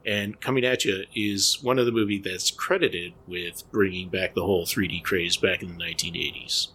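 A man's voice: sits low, steady tone, moderate pace, bright, forceful tone, a little hiss or hum. A man talking casually on a podcast, rambling and restarting his sentences, laughing often. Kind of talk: casual chat.

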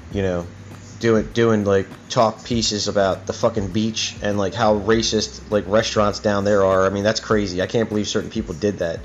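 Profane man ranting as host. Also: lowish voice. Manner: profane, heated and rambling, with many "you know what I mean"s. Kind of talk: profane rant on an internet talk show. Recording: dull lo-fi recording with faint music.

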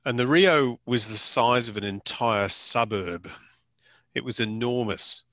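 An Australian man with a forceful, ringing voice tells stories in a loose, conversational way. His delivery is dry and close, full of slang and the occasional curse. He speaks as a photographer sharing his experience. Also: mid-range voice, unhurried, no echo. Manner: colourful, anecdotal, with mild swearing and slang. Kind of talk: storytelling interview chat.

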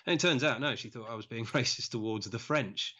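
Comedian guy on a podcast, bright voice, laughs a lot, kinda dull lo-fi sound. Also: mid-range voice, brisk. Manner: chatty, laughs often while telling stories. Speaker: comedian guest. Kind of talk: casual podcast chat.

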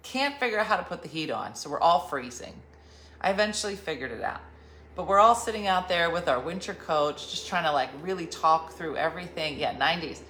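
A woman's voice: lowish voice, lively intonation, a little fast, fairly bright tone, slight background noise. A woman host telling a rambling, jokey story in casual chat. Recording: roomy echo with faint ambience.

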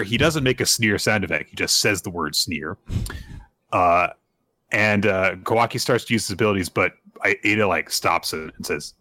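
A deep-voiced podcast co-host takes his time retelling a manga chapter, heard without any echo. He performs the characters' lines as he goes, keeps the telling animated, and leans heavily on "uh" and similar fillers.

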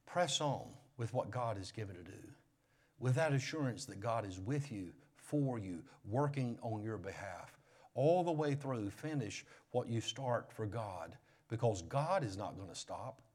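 Preaching man, loud then hushed. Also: lowish voice, expressive, measured pace, husky. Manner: preaching with swings from loud raised emphasis to hushed near-whispers. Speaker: pastor. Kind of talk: sermon.

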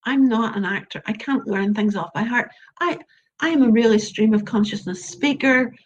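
A woman's voice: a little high, normal speed, dull audio, a little hiss or hum. An Irish woman talking as a storyteller guest in an interview, earnest and emphatic, repeating her points. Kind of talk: interview conversation.

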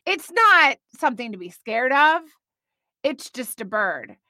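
A woman in her thirties hosting a faith podcast, telling a family story in a bubbly, animated way with quick asides. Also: a little high, dry recording. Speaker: podcast host.

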